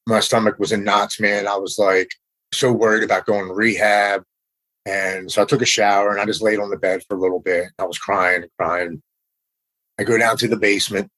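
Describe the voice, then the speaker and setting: A man's voice: fairly low pitch, fairly bright tone, poor audio. A middle-aged man, a podcast guest, telling his personal recovery story candidly and with emotion, often dropping in "man.".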